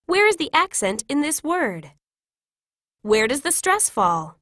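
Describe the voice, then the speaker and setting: A woman reading classroom English phrases one by one in a clear, measured teaching voice. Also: sits high, sing-song, a bit bright, no room sound, clean studio sound. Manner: clear, measured, each phrase read separately. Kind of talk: scripted read-aloud of classroom phrases.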